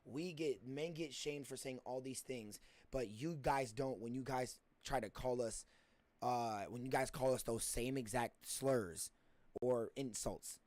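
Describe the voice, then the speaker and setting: Young male host, brash casual talker, mid pitch, dry close mic. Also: a little slow, no echo. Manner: loud, profane, interrupts, laughs. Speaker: podcast host. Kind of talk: casual chat.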